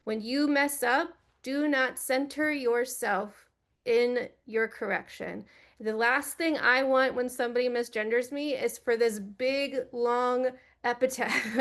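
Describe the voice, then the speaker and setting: Earnest, direct woman with a higher voice. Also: fairly even intonation, measured pace. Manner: earnest, direct, gently instructive. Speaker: church director of operations. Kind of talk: earnest teaching talk.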